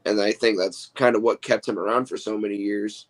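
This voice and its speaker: Excitable rambling man on a call. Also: on the low side, fairly quick, low-quality recording. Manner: rambling, excitable fan talk. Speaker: guest wrestler. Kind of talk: casual podcast chat. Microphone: remote call mic.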